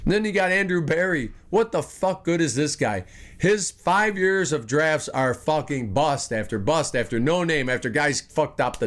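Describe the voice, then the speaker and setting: A man hosting a fan podcast, delivering an angry, profane, rambling sports rant. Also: on the high side.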